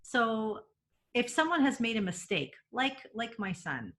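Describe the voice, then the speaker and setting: A woman's voice: on the high side, big pitch swings, a little slow, a bit bright. A woman, a mother, explaining parenting steps on a video call in a chatty way, often correcting herself mid-sentence. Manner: chatty, self-correcting, many fillers. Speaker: parent guest. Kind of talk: casual webinar chat.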